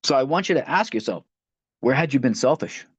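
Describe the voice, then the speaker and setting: A man's voice: medium pitch, expressive, fairly quick, husky, no room sound. A man leading a line-by-line recovery book study, talking conversationally and often restarting phrases as he reads passages aloud. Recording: dull, dry lo-fi audio.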